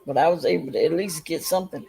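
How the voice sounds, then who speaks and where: A woman's voice: deep voice, fast, creaky, mellow, breathy edge, low-quality recording. A woman hosting a casual livestream chat, rambling through a story and talking straight to her viewers. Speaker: livestream host.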